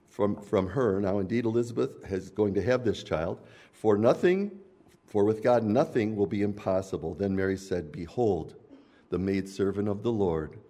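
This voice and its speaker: A man's voice: on the low side, dark tone. A man preaching a sermon, explaining scripture in an earnest teaching tone.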